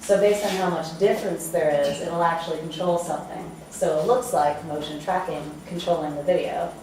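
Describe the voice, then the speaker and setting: Woman, choreographer, live demo talk, lowish voice, halting, echoey hall. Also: fairly even intonation, a little mellow, slight background noise. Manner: loose, halting, with fillers and chuckles. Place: arts venue hall, indoors. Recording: echoey room from far off.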